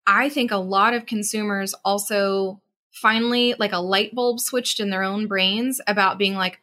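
A woman co-hosting a casual podcast conversation. Her voice is bright and forceful, with a middle pitch. She talks agreeably and is quick to build on her partner's points. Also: steady tone. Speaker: podcast co-host. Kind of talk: casual chat.

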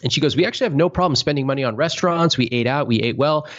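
A man hosting a podcast, telling stories in a casual, animated way and acting out quoted voices with big swings. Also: on the high side, very fast, dull audio. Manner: animated storyteller, acts out quotes in exaggerated voices. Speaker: podcast host.

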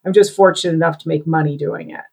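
A woman's voice: sits low, fairly even intonation, fast, a little mellow, slightly rough. A woman speaking reflectively in a casual conversation, hesitant and using fillers. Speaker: guest, psychic medium.

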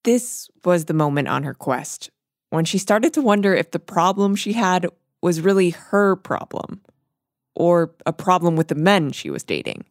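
A woman hosting a podcast, narrating in a measured way and asking casual questions. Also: lowish voice, big pitch swings, dry recording, studio quality. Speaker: host and narrator.

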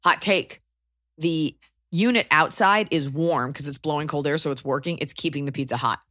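A woman co-hosting a casual chat, giving wry advice with quick asides. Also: low-pitched, fairly bright tone, no room sound, studio quality. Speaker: podcast co-host.

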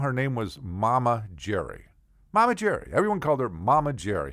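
A man's voice: medium pitch, huge pitch swings, a little fast, a bit bright, dry recording, clean studio sound. A man telling rambling comic stories in a casual monologue, full of digressions. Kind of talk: comedic storytelling monologue.

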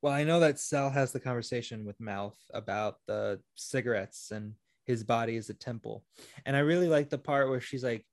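A man co-hosting a podcast, talking over a film in a relaxed, thinking-aloud way. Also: mid-range voice, normal speed, dry recording, studio quality. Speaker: podcast co-host. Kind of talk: casual movie discussion.

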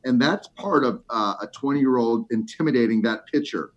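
A middle-aged man, a former ballplayer, chatting about baseball and telling an animated story with lots of fillers. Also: mid-range voice, normal speed. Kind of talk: casual sports chat. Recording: slightly muffled lo-fi audio.

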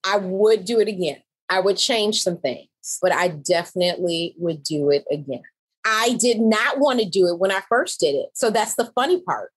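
A woman designer chatting in an interview, telling animated, emphatic stories. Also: medium pitch, moderate pace, breathy edge, low-quality recording. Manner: animated, emphatic storytelling, laughs often. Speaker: interior designer, show competitor. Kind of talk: casual interview chat.

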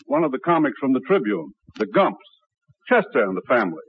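An actor playing a measured, businesslike radio station head in a 1950s radio drama. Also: male voice, medium pitch, big pitch swings, breathy edge. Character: cautious male radio station boss. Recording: tinny old radio broadcast.

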